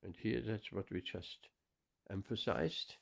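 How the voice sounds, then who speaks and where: Gravelly low-voiced man teaching scripture. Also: takes it slowly. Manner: emphatic, explains verses with repetition. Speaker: spiritual teacher. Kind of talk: scripture class commentary.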